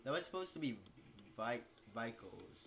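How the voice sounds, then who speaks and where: A young man giving casual gameplay commentary, talking to himself with animated, incredulous outbursts. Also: medium pitch, moderate pace, creaky, slight background noise. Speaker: gaming video creator. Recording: loud game sound underneath.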